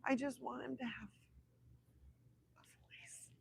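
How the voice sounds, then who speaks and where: Slow-talking woman in her 30s doing a livestream chat, raspy and gravelly, gets emotional and soft. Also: sits high, level tone, slight background noise, rough recording. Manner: emotional and heartfelt, often dropping to a whisper. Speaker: livestream host. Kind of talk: casual livestream chat with viewers.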